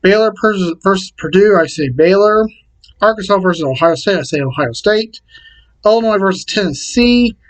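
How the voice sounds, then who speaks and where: A man casually talking to camera and reading out his picks in a plain, repetitive way with halting restarts. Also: sits high, lively intonation, low-quality recording. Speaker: vlogger.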